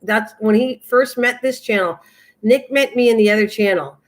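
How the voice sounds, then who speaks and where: A woman's voice: on the high side, moderate pace. An older woman hosting a casual craft livestream, chatting in a rambling way and laughing often as she talks to viewers by name.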